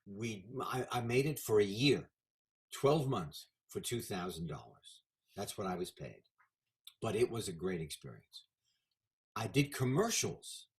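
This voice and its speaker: A man's voice: on the low side, a little slow. Older man telling stories. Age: 70s. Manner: animated anecdotal storyteller. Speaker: guest. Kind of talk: casual storytelling interview.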